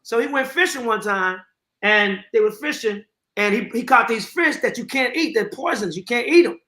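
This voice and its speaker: Male guest, high and bright, animated storyteller, echoey video-call sound. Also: moderate pace. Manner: animated, repeats words when starting a story. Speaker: guest actor. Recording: echoey room with faint noise.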